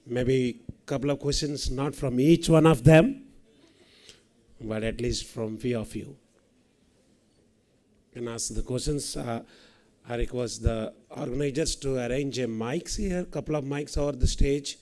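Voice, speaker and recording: A man moderates a Q&A, thanking the speaker and directing the audience. His voice is dark and mellow. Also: mid-range voice, measured pace. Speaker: event moderator.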